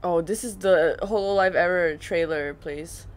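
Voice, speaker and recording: A woman hosting a reaction video, excitable and giggly, easily startled as she comments. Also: on the low side, unhurried, a little hiss or hum. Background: game music.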